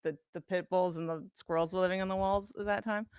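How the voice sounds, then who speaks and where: A woman guest on a podcast, telling stories in a casual, animated, profane way, full of "like" fillers. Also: lowish voice, fast talker, clean tone, no room sound, studio quality. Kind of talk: casual storytelling chat. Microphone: podcast studio mic.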